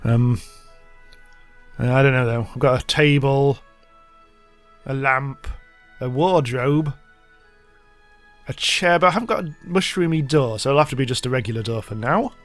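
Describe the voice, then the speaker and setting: A man's voice: medium pitch, a little slow, long pauses, soft background music. A man hosting a let's play, giving rambling, self-mocking commentary as he thinks aloud. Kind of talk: casual gameplay commentary.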